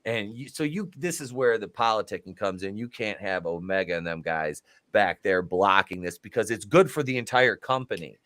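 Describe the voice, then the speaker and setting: A man's voice: fairly low pitch, normal speed, few pauses, a bit bright. A man chatting casually as a podcast co-host. He talks animatedly, often breaking into exaggerated voices to act out what others said, and laughs along the way. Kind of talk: casual chat.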